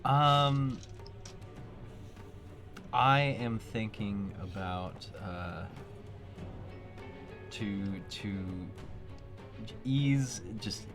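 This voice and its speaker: Hesitant male player, slow-talking, lowish voice. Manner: hesitant, with pauses and many hums. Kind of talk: tabletop role-play. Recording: music clearly behind.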